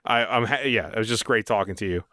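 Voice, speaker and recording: A man hosting a casual podcast interview, enthusiastic and quick to laugh. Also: on the low side, pushed and bright, no echo, clean studio sound. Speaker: podcast host.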